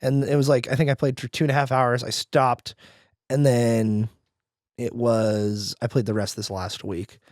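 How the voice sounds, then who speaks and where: A man's voice: medium pitch, level tone, moderate pace, a little mellow, dry recording, clean studio sound. A young man co-hosting a podcast, chatting casually and joking in a teasing way. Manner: jokey, teasing, swoops into a mock-grand voice. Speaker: podcast co-host. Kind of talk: casual chat.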